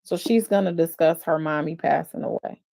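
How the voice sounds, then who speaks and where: This defense attorney and live stream host has a deep voice with vocal fry and talks at normal speed about a court case. Her emotions show plainly; she's expressive and sighs often between thoughts.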